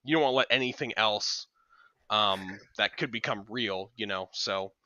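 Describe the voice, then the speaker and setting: Bright-voiced man rambling through a story. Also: fairly low pitch, moderate pace, dry recording, dull audio. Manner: rambling storyteller, many fillers and restarts. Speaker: podcast co-host. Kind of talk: casual chat.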